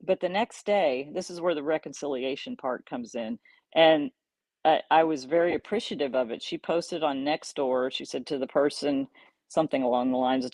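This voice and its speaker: A middle-aged woman hosting a podcast, casually recounting a personal story in an animated way, chuckling and restarting her sentences. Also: sits low, moderate pace, no echo. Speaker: podcast host.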